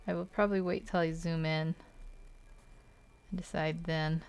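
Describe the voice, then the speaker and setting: A woman with a lowish voice and a gravelly, fry-touched edge chats as she draws. She thinks out loud, hesitates often and laughs lightly at her own choices. The talk is casual and unscripted, aimed at viewers watching her sketch. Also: little pitch movement, normal speed. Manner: hesitant, thinking aloud, frequent little laughs. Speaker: artist streaming a drawing session. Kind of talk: casual chat while drawing.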